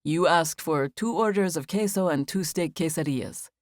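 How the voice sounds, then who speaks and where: A woman reading a playful, teasing young man in an audiobook, lowering her voice only slightly. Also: lively intonation, moderate pace, no room sound, studio quality.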